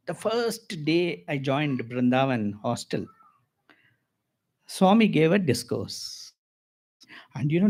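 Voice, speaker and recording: An older man with an Indian accent, giving a devotional talk full of personal stories, lively with chuckles and asides. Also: on the high side. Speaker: spiritual speaker.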